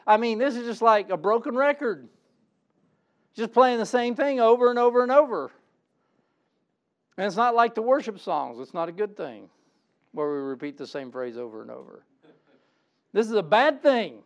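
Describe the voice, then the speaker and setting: High-voiced, emphatic middle-aged preacher. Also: male voice, animated, normal speed, long pauses. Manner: emphatic, stumbles and repeats words when stirred. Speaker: pastor. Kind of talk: sermon.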